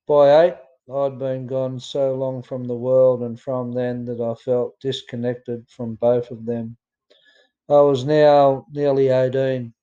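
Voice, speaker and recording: A man's voice: mid-range voice, warm tone, clear, resonant tone, highs cut off. A man with an Australian accent reading his own memoir aloud in a plain storytelling way, with some fillers and restarts. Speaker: memoir narrator.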